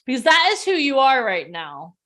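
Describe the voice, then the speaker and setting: Bright-voiced woman coaching on a video call. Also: sits high, normal speed, a little hiss or hum. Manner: calm and soft in the breathing part. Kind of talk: guided breathing and motivational pep talk. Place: outdoors or near the street in a neighborhood.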